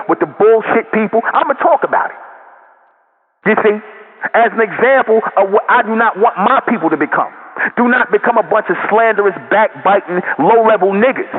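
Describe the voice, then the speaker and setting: A man giving an impassioned, profane spoken monologue to his channel's audience, repeating his points and often ending lines with "man". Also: high voice. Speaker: channel host. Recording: tinny phone-like audio with long reverb.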